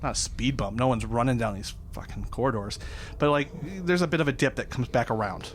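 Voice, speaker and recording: Man, dungeon master, rambling casual narration, middle pitch, faint background noise. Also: brisk. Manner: loose, rambling, laughing narration. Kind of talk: narrating a tabletop game.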